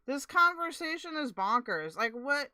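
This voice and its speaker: A woman's voice: sits high, lively intonation, a little slow, pushed and bright, dry recording. A woman streamer adding blunt, exasperated commentary during a casual livestream.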